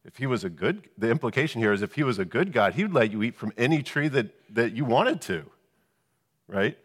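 A man's voice: medium pitch, sing-song, fairly quick, slightly rough, in a large hall. A man preaching a Bible lesson, explaining verses and asking rhetorical questions. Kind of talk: Bible teaching.

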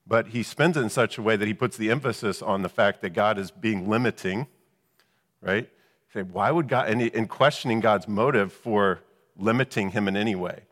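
A man's voice: fairly low pitch, normal speed, a bit bright, in a large hall. A man preaching a Bible lesson, explaining verses and asking rhetorical questions. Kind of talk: Bible teaching.

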